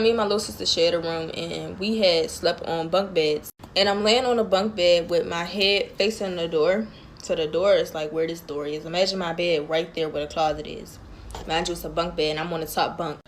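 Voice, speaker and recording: A woman tells a spooky story to her followers in a loose, chatty way. Her voice sits fairly low, and she talks right to the camera of her phone. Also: slight background noise. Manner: chatty, loose, addresses viewers as y'all.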